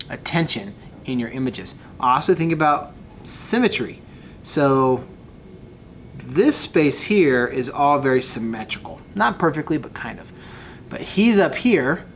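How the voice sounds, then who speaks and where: A man with a mid-range voice teaches a photography class as a recorded lecture, casually walking through example photos and speaking directly to his students. There's a little hiss or hum on the recording.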